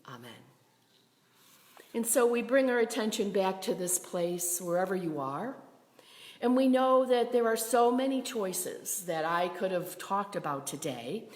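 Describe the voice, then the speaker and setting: Woman minister, low-ish voice, calm sermon, reverberant hall. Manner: gentle, meditative, with soft whispered phrases. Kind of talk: livestreamed sermon. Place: synagogue sanctuary. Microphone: camera from a distance.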